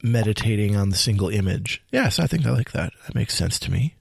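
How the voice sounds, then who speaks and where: A man with a gravelly, creaky voice, recorded dry and close, hosts a casual talk about poetry. He thinks out loud, searching for words and trying out ideas. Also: on the low side, very animated, brisk, no room sound. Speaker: poetry discussion host. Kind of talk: casual discussion.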